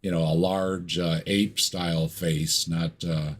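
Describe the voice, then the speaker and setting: A man as a podcast guest in casual chat, hesitant and quick to laugh. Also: low voice, flat delivery.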